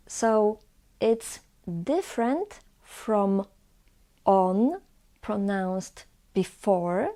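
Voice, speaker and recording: Slow, careful Polish-accented teacher. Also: female voice, medium pitch, lively intonation, warm tone. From Poland. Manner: slow, careful, repeats each word twice. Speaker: language teacher. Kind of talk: pronunciation lesson.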